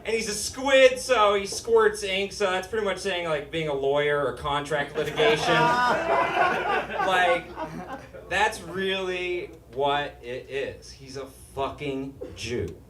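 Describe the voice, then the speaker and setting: A young man from Utah doing a stand-up comedy set with a whiny, nasal delivery that rises into shouts. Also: a little high, slow, a crowd in the background. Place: live comedy stage before an audience. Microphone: stage microphone. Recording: roomy live-venue sound, mic a bit distant. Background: audience laughter.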